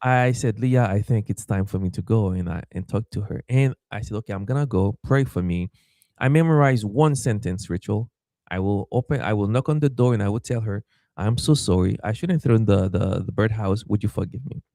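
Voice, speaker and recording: A man's voice: fairly low pitch, brisk, dry recording, studio quality. A man from Haiti, a pastor telling a story in a podcast interview, acting out voices and stammering as he goes. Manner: animated, acts out quoted voices, stammers and repeats.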